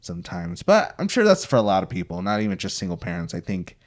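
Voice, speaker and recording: A man's voice: on the low side, sing-song, quick pace, gravelly. A young man hosting a podcast, chatty and playful as he sets up hypothetical scenarios. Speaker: podcast host. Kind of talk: casual podcast chat.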